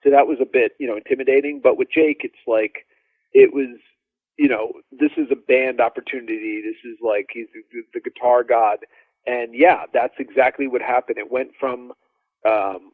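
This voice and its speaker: A man, a drummer guest, telling studio stories in a rambling, animated way and acting out what others said. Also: mid-range voice, moderate pace, no room sound. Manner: animated, rambling, acts out quoted dialogue. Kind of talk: casual storytelling interview. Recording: dry tinny phone-like line.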